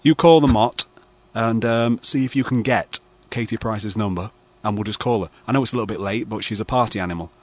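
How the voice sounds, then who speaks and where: A man's voice: fairly low pitch, a little fast, no echo. Brief: man, radio host, rambling mock-serious delivery, dry close sound. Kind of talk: late-night radio banter.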